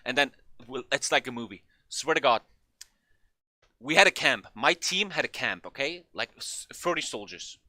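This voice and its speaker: A young man telling a funny story in a casual, animated way, swearing often and acting out what people said. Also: mid-range voice, moderate pace, no room sound. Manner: animated, swearing, acts out quotes in a raised voice. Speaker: vlogger.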